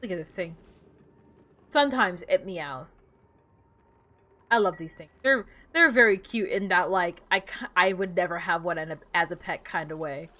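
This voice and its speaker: A woman's voice: fairly low pitch, moderate pace, sharp tone. A woman streaming a game, chatting casually, muttering to herself and breaking into playful outbursts.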